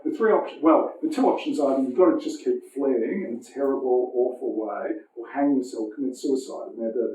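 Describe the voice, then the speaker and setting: Middle-aged philosopher guest, mellow voice, animated and swearing, heard from a distant mic in a roomy space. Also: male voice, mid-range voice. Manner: animated, profane, many restarts and fillers. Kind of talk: casual conversational interview. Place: lecture room.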